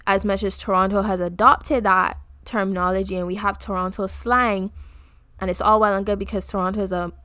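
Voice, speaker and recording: A young adult woman from the Caribbean co-hosting a podcast, talking in a reflective, earnest way that often pauses mid-thought. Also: medium pitch, little pitch movement, sharp tone, dry recording, studio quality. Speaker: podcast co-host. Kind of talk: casual chat.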